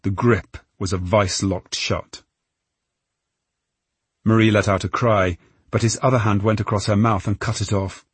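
Husky male audiobook narrator. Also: fairly low pitch, fairly even intonation, no echo. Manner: measured, tense storytelling. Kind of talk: scripted narration.

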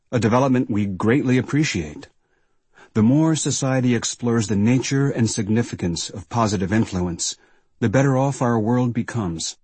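A man reading a book's preface in a formal, measured way. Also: mid-range voice, a little mellow, husky, no room sound. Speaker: reader of the authors' preface. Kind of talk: scripted narration.

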